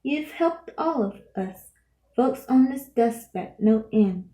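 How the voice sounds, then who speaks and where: A woman's voice: fairly high pitch, animated, takes it slowly, warm tone. Woman doing a tiny grateful mayor. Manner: cheerful, grateful. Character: tiny friendly male mayor of a speck town. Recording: roomy echo.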